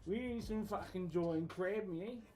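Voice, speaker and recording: A riled-up Australian bloke with an Australian accent rants crudely and defensively, as a man puts him on. His voice sits high, with clear music playing behind. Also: measured pace. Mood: mock outrage. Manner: crude mock-angry ranting.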